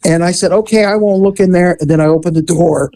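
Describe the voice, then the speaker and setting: A man and former police officer, telling a story in a casual, animated way and acting out the voices in it. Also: high voice, quick pace, no room sound. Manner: animated, acts out voices in his stories.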